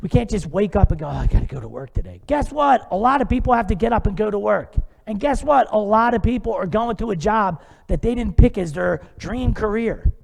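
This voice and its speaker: A man preaching in a church with a high, gravelly voice. He talks in a loose, conversational way and asks the congregation rhetorical questions. His voice rings with long reverb in the sanctuary. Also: normal speed, hardly any pauses. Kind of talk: sermon.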